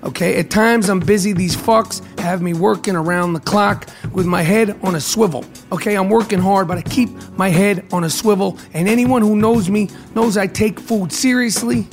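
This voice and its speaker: A man with a gravelly, hoarse voice hosts his podcast in a brash, profane ramble, stumbling through fillers and restarts. Faint music plays underneath. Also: high voice, normal speed, hardly any pauses. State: hoarse from a throat problem. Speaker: podcast host. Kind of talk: casual podcast monologue with host-read ad.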